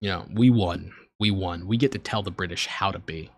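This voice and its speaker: This American man, likely in his twenties, has a deep, gravelly voice and talks fairly quickly. He reacts to videos on a stream in a casual, earnest way, rambling now and then and getting emotional at times.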